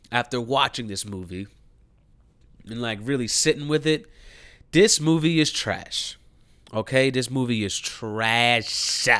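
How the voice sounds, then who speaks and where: Male reviewer, casual profane rant, animated and blunt, bright forceful voice, dry close sound. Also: medium pitch, no room sound. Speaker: movie reviewer.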